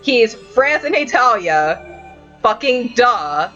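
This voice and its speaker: A woman's voice: on the high side, slow, dull audio, faint music behind. A woman hosting a casual anime review podcast, telling stories with a lot of swearing and laughter. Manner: animated storytelling, frequent swearing and laughter.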